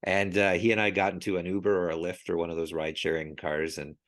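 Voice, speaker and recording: Lower-voiced man, podcast guest, animated storyteller who laughs a lot. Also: quick pace. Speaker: podcast guest, sports logo expert. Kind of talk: casual podcast chat.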